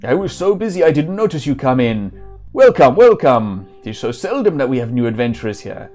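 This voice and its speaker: Old guildmaster voiced by a man: loud, slow and nostalgic, full of old stories for a retro game. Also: medium pitch, very animated, faint music behind, natural voice. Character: aging male guildmaster, nostalgic and chatty.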